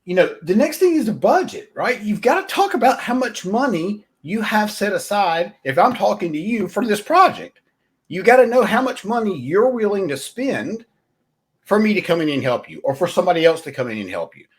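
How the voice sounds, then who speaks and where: A man's voice: high voice, sing-song, normal speed. A man hosting a podcast, giving blunt sales coaching in a conversational way and often checking in with "right?". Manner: talks straight to the listener, blunt. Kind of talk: solo motivational sales talk.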